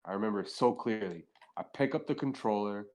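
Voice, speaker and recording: Young male podcast guest, lowish voice, casual profane storyteller. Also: a little fast, a little mellow. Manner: rambling, profane, heavy use of filler "like".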